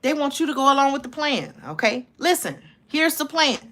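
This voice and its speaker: Urgent bright-voiced woman live-streaming. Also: sits high, big pitch swings, brisk. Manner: urgent, repeats herself, says "okay?" and "listen, y'all" often. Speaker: channel host. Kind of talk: live stream commentary reading news aloud.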